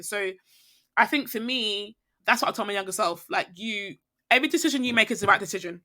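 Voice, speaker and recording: A woman's voice: mid-range voice, a little fast, pushed and bright. A young woman who is a podcast guest, talking reflectively and rambling, often checking in with the listener. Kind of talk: reflective casual conversation.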